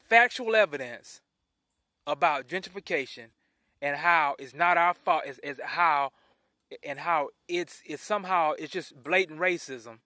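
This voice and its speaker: Indignant high-voiced man ranting. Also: pushed and bright, no room sound, studio quality. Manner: indignant, repeats and restarts phrases. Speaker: vlogger. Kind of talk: opinion rant to camera.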